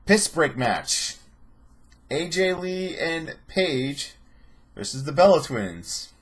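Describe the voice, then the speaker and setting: Husky guy doing a rambly profane vlog rant, sarcastic and loose. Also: a little high, very animated, takes it slowly. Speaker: host. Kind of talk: casual vlog commentary.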